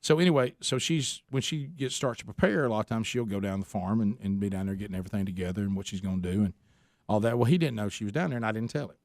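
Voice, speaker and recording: A man's voice: on the low side, fast talker, a little mellow, dry recording. A man hosting a radio show, telling a long story in a casual, rambling way with many restarts.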